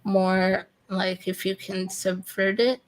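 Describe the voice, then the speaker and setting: A woman's voice: mid-range voice, level tone, slow, rough recording. A woman hosting an interview, rambling with many fillers as she responds to her guest. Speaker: interview host. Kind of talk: casual interview talk.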